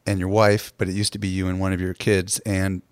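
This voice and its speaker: American man, podcast host, conversational questions, low voice, dry sound. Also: level tone, a little fast, clean tone, dry recording. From United States. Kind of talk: interview.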